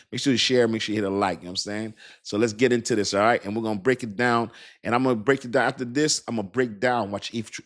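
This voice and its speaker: A man in his fifties with a somewhat low voice talks straight to his viewers about crypto in a loose, casual way. He circles back over the same points and keeps checking that they understand. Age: 50s. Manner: mimics doubters in a higher voice. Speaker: crypto channel host.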